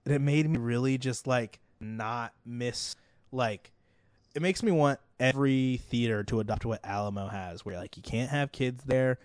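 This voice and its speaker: A man's voice: mid-range voice, normal speed, dry recording, clean studio sound. A man, co-hosting a casual podcast about movies, talking in a loose, rambling way full of "like". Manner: rambling, heavy on "like" fillers. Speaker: podcast co-host.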